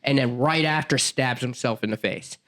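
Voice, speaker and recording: A man's voice: mid-range voice, normal speed, sharp tone. A young adult man co-hosting a horror podcast, rambling through a film recap with lots of fillers and swearing. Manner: rambling, filler-heavy, laughs often. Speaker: podcast co-host. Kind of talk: casual chat.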